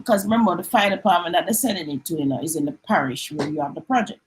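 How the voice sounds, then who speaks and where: A woman's voice: lowish voice, animated, fast, few pauses, poor audio. A middle-aged Jamaican woman chatting on a live stream, slipping into patois and acting out little back-and-forth exchanges. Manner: chatty, mixes in patois, acts out little dialogues. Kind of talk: casual live-stream chat.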